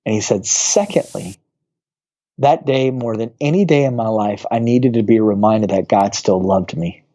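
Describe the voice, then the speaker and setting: Man telling a story in animated bursts. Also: on the low side, moderate pace. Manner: animated storyteller who acts out quoted voices. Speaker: pastor. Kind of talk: storytelling on a podcast interview.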